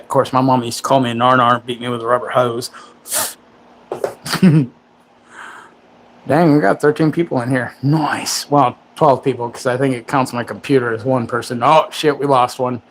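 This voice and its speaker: A man's voice: medium pitch, steady tone, normal speed, slight background noise. A man in his forties hosting a livestream. He rambles in casual chat and makes crude, self-mocking jokes. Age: 40s. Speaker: livestream host.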